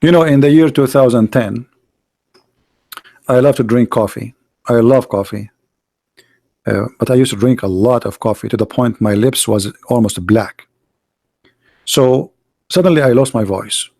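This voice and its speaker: A man delivering an argumentative monologue as a street debater, emphatic and scornful, repeating himself and swinging between loud outbursts and low asides. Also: unhurried, creaky, pauses often.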